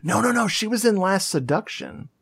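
A man's voice: sits high, expressive, normal speed, gravelly, fairly bright tone, husky. A man hosting a casual movie review podcast, telling the plot in a chatty way and laughing often. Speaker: podcast host.

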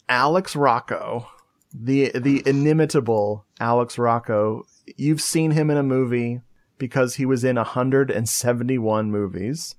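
A man hosting a casual movie review podcast, telling the plot in a chatty way and laughing often. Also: mid-range voice. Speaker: podcast host.

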